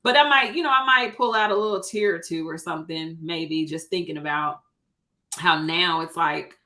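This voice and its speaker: Thirties woman co-host; bright tone, lower register, relaxed chatty delivery with laughs. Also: moderate pace. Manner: chatty, laughs often, acts out quoted dialogue. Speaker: co-host, realtor. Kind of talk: casual chat.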